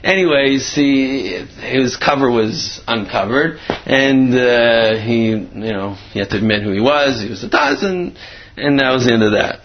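A man's voice: medium pitch, unhurried. A man teaching by telling a story in a rambling way, acting out the quotes, on a dull lo-fi recording. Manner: rambling, many fillers, acts out quotes. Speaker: Torah teacher. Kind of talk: storytelling talk.

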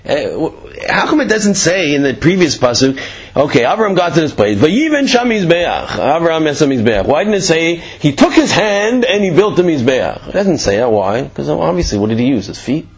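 A man's voice: fairly high pitch, very animated, normal speed, breathy edge, lo-fi sound. A man giving an informal Torah class, telling jokes and asking many rhetorical questions, with frequent fillers. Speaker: Torah teacher.

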